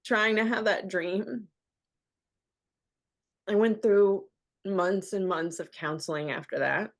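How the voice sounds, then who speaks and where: This woman's voice is medium-pitched and steady, and she takes her time. In her thirties and working as a radio host, she appears as a podcast guest to openly tell an emotional story, often quoting the people involved.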